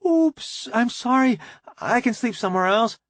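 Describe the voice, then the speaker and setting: A woman's voice: mid-range voice, animated, slow, gravelly, husky, dry recording, voice pushed up, exaggerated voice. A man reading an audiobook, voicing a shy young woman crew member who keeps apologizing. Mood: apologetic. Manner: timid, apologetic. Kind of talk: audiobook character voice.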